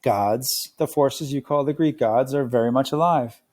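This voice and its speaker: A man's voice: medium pitch, moderate pace, lightly acted. A man reading aloud, voicing a patient, kindly older male teacher in a storybook. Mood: gentle. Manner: gentle, explaining.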